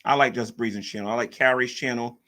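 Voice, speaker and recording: A man's voice: mid-range voice, steady tone, fast, sharp tone. A man hosting a casual livestream, rambling and repeating himself as he reacts to chat. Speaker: livestream host.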